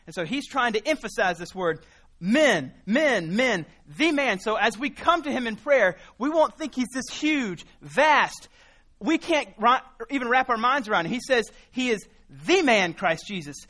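A man delivers a sermon in a high, bright voice. He works through scripture earnestly, leaning on repeated words to build emphasis. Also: lively intonation, normal speed. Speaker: preacher.

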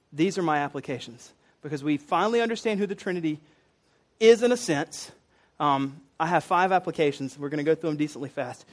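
Earnest yet conversational, a high-voiced male preacher gives a sermon. As he lays out his points, casual asides and filler words slip into his speech.

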